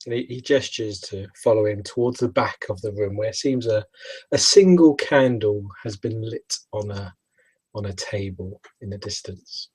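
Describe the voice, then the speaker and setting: A man's voice: fairly low pitch, normal speed, darkish tone, slightly rough, dry recording, rough recording. A man narrating his character in a tabletop role-play, hesitant and often laughing. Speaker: player.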